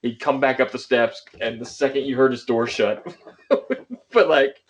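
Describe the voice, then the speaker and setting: A man's voice: mid-range voice, measured pace, dull audio. A young adult man co-hosting a podcast, telling rambling stories in casual chat and laughing often. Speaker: podcast co-host.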